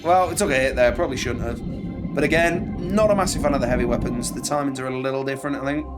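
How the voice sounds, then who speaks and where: A chatty man from England commentating his gameplay. His tone is wry, and he reads the game text aloud. Loud game music plays under his voice. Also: mid-range voice, fast talker. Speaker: let's play host. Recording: music behind.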